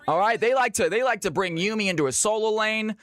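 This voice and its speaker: A man's voice: high-pitched, quick pace, fairly bright tone, no room sound. A man from Georgia in the US, hosting a live stream and calling custom games with a hyped announcer delivery. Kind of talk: live game commentary.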